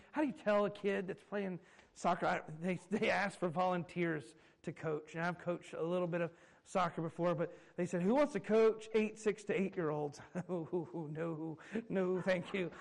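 Pastor, man, thirties, high voice; animated, self-mocking sermon storyteller. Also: gravelly, rough recording. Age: 30s.

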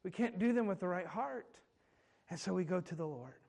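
Pastor, man, thirties, high voice; animated, self-mocking sermon storyteller. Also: normal speed, creaky, low-quality recording. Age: 30s.

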